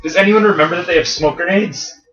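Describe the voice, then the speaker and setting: A man's voice: high-pitched, fast talker, a bit bright, lo-fi sound. A young man playing a co-op shooter with friends, trading dry teasing banter and calling for help. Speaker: gamer playing co-op. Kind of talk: casual let's-play chat. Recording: roomy, distant mic, game music.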